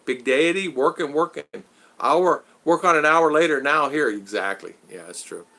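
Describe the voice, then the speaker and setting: A man chatting casually on a livestream from outdoors, rambling and animated as he greets viewers by name. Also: fairly high pitch, normal speed. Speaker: vlogger reading live chat. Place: outdoors in the Philippines.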